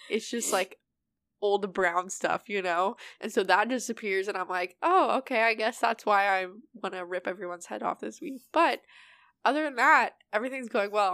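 A woman's voice: mid-range voice, bright, forceful tone, dry recording. A young woman co-hosting a podcast in casual chat, talking candidly with a stuffy nose and laughing often. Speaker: podcast co-host.

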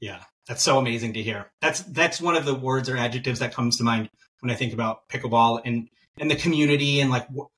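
A man's voice: medium pitch, fairly quick, a bit bright, distant mic. Easygoing male podcast host, a bit off-mic. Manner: easygoing, many filler affirmations. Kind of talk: casual interview chat.

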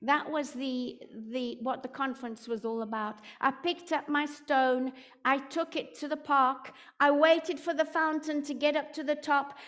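A woman preaching a sermon, telling a personal story with dramatic build-ups that rise to shouting. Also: sits high, fairly even intonation, a little slow.

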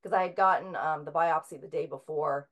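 A middle-aged woman with a fairly low voice talks as a guest in a relaxed interview. She tells her story in a loose, conversational way, often pausing on filler sounds and restarting her sentences.

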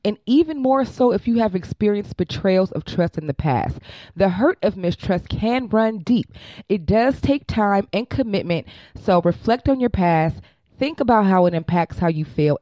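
A woman's voice: mid-range voice, dark tone, dry recording. Woman cohost doing a blunt advice bit, dull lo-fi mic, no room sound. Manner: blunt, sassy jokes. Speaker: podcast co-host. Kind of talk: reading a self-help segment, then casual chat.

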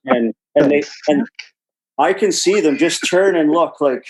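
A man's voice: on the high side, unhurried, poor audio. A man telling a rambling locker-room story with lots of swearing and laughter, speaking as an interview guest. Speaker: guest, former hockey player. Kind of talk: casual storytelling.

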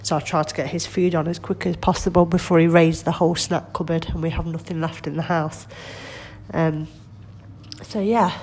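A woman in middle age rambles cheerfully through a home vlog from her kitchen. Her voice sits low and sounds stuffed up from a cold. Faint home ambience hums in the background. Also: steady tone, moderate pace, a little mellow, slight background noise. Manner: chatty, rambling, self-deprecating. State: congested with a cold. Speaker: vlogger. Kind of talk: casual chat.

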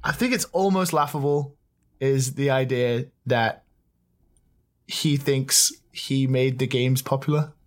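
A man's voice: mid-range voice, slow pace. A man co-hosting a casual podcast who pushes back with skeptical questions. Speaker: podcast co-host.

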